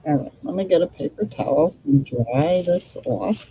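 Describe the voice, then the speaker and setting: A woman's voice: sits low, lively intonation, moderate pace, mellow, slight background noise, poor audio. A woman hosting a casual crafting demo, thinking aloud and chatting to her viewers while she works. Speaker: crafting channel host.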